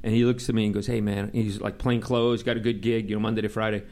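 A middle-aged man from Long Island with a New York accent, telling profane, animated stories in casual talk and mimicking the people in them. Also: fairly low pitch, fast. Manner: animated, profane, mimics others in quoted dialogue. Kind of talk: casual storytelling.

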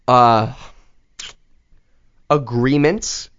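A man's voice: mid-range voice, drawn-out words, a bit bright, clear, resonant tone. A man in casual conversation, rambling through questions and filling his talk with "like". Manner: rambling, heavy use of "like", questioning. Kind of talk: casual chat. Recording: slightly dull lo-fi recording.

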